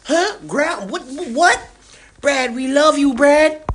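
A man doing a shrill frantic dad. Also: slow pace, full character voice. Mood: exasperated. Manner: shrill exasperated yelling. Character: frantic fussy father, middle-aged man.

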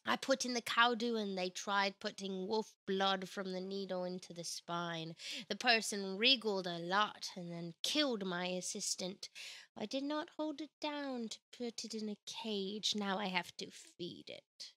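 A woman's voice: mid-range voice, measured pace, fairly bright tone, no room sound, lightly acted. A woman voicing a deformed, whiny male mad scientist from a video game, boasting childishly in an odd put-on accent.

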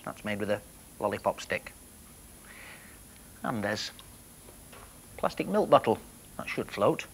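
A man presenting a children's television programme, talking gently and playfully to young viewers as he floats toy boats. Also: lowish voice, lively intonation, measured pace, pauses often, slight background noise, rough recording.

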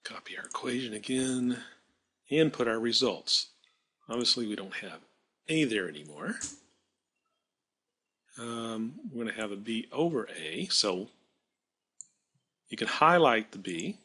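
Husky, lively-voiced man teaching on screen. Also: lowish voice, measured pace, pauses often. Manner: thinking aloud while working, self-correcting. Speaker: math teacher. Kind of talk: screen-recorded software tutorial.

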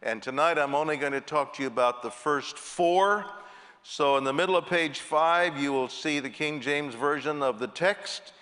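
A man's voice: fairly high pitch, moderate pace, bright, forceful tone, big-room sound. A male pastor preaching a sermon in a jovial way, stretching out key words for emphasis. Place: church sanctuary.

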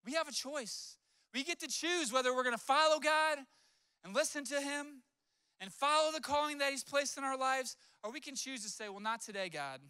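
Male pastor, story-driven sermon; bright tone, dry sound. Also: very high voice, normal speed, dry recording. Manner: conversational storytelling with acted-out quotes.

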